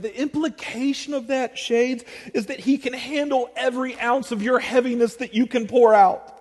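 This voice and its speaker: A man's voice: extremely high pitch, fairly even intonation, normal speed. A male pastor, preaching a heartfelt sermon. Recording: long reverb of a large hall.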